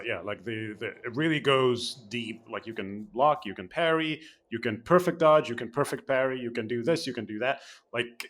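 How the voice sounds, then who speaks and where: A man's voice: medium pitch, a bit bright. A man co-hosting a game podcast, chatting casually and animatedly, rambling with many restarts. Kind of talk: casual chat, game review discussion.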